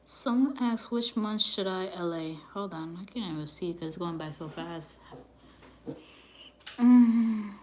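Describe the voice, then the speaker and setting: A New York woman chats casually on a livestream as a psychic reader, laughing a lot and occasionally dropping almost to a whisper. Her voice is mellow and medium-pitched, with a measured pace.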